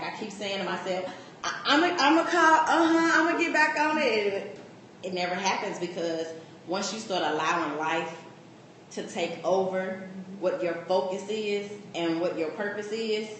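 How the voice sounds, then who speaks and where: A woman giving a casual, animated personal testimony at a coaching meeting. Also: on the low side, moderate pace. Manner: casual, animated storytelling with laughter. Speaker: coaching client. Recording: echoey room with faint noise.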